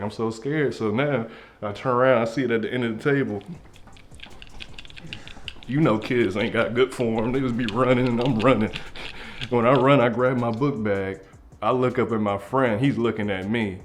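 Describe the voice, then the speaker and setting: A young man telling a comedic story from his childhood, acting out the scenes and dropping into hushed tones. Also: medium pitch, normal speed, slight background noise. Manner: animated, acts out scenes, drops to hushed tones. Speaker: comedy group member.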